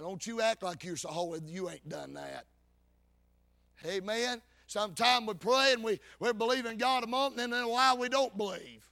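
A man preaching a sermon as a Baptist preacher, in a fervent, folksy style that swings between loud calls and low asides.

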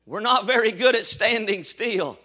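A male pastor preaching a sermon with passion, swinging from shouts to soft, quiet asides. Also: high voice, animated, moderate pace. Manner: impassioned preaching with shouts and sudden soft drops.

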